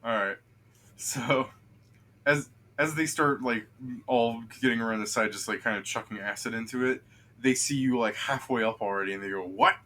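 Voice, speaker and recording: A man's voice: medium pitch, normal speed, slight background noise. A man running a tabletop game as game master, who narrates casually and jokes and laughs a lot. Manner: laughs a lot, relaxed and joking.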